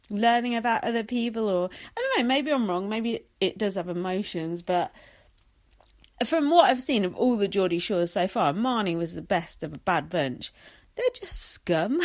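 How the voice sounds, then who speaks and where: Blunt, lively English woman ranting. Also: on the high side, no room sound. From England. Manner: chatty, sarcastic, blunt and swearing, with mocking quoted voices. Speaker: podcast host. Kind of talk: casual solo podcast rant.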